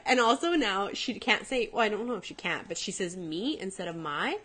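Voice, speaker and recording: Lively woman telling funny stories. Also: mid-range voice, brisk, breathy edge. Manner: animated storyteller, laughs often, quotes others. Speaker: co-host, personal trainer. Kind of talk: casual chat.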